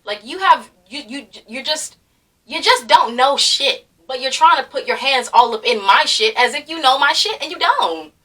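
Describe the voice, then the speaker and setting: A woman's voice: high-pitched, lively intonation, moderate pace, pushed and bright, distant mic. A young woman ranting in a heated commentary, swearing freely, laughing now and then, and piling on fillers. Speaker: commentary vlogger.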